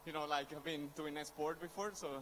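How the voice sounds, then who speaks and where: A man just finished a triathlon, legs sore, giving short soft-spoken answers outdoors. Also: fairly high pitch, level tone, brisk, slight background noise. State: sore legs after the race. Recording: loud crowd behind.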